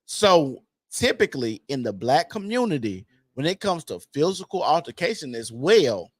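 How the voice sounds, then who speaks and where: A man's voice: fairly high pitch, big pitch swings, normal speed, no echo. A man on a podcast panel, arguing heatedly and cutting in again and again to hold the floor. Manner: argumentative, keeps cutting in with "hold on". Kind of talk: heated debate.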